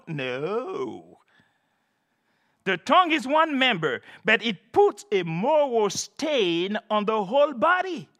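A man's voice: sits high, pushed and bright. A man preaching an expository sermon, emphatic and repeating key phrases for stress.

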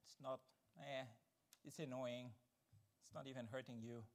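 A man preaching a sermon, swinging from loud, emphatic declarations to quiet, explanatory teaching. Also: mid-range voice, steady tone, moderate pace, vocal fry.

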